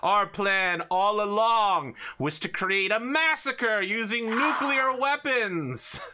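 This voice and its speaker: A man's voice: high voice, slow, background noise, pitched above the performer's own voice. A man voicing a gloating comic-book supervillain who cackles maniacally. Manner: maniacal laughter.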